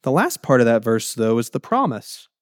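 A man preaching a sermon in an animated way, acting out the quotes in his text and laughing easily. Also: medium pitch, normal speed, no room sound, clean studio sound. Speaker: pastor.

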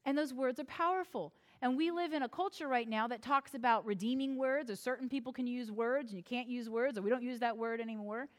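Woman preaching a sermon, a bit high-pitched, acts out the quotes, pretty animated. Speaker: pastor.

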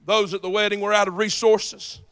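A male preacher with a strikingly high voice delivers a fervent sermon. He builds to shouts and keeps calling out to the congregation to stay with him. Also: level tone, moderate pace, clean tone.

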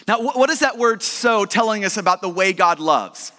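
A man preaching a sermon as pastor, emphatic and building to shouts. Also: high voice, lively intonation, normal speed. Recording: long hall reverb.

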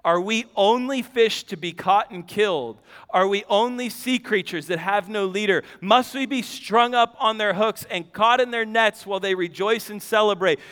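High, smooth-voiced man preaching. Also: normal speed. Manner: animated preaching, reads scripture aloud, jokey asides. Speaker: pastor. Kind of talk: sermon. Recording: long hall reverb.

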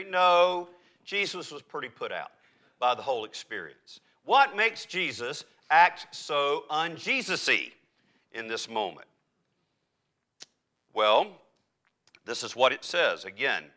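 A man preaching a sermon as pastor, emphatic with dramatic pauses and occasional restarts. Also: a little high, very animated, bright, forceful tone. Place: church.

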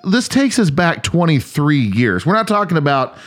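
A man's voice: a little high, big pitch swings, moderate pace, a bit bright. A man in his forties co-hosting a podcast, laughing often and poking fun at himself. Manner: laughs often, self-deprecating. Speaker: pastor and podcast co-host. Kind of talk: casual chat.

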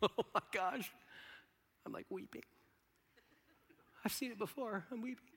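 A man preaches a sermon to a live audience in a large hall, laughing often and moving animatedly from hushed whispers to loud bursts. His voice is high, a little slow and slightly rough.

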